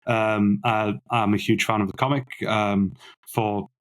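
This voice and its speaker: Brief: male podcast co-host, lowish voice, keen and chatty, stumbles over repeated words. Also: a little slow. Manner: enthusiastic, repeats words when excited. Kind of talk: casual film-review chat.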